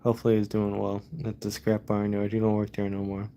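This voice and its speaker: A man's voice: lowish voice, monotone, quick pace, dark tone, a little hiss or hum. A man in a casual vlog monologue, frustrated and profane, rambling and repeating himself. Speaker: vlogger.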